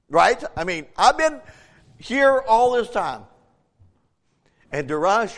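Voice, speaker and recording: Lively, high-voiced man preaching in a hall. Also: a little slow. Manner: emphatic, swings from hushed to shouting. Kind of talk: sermon.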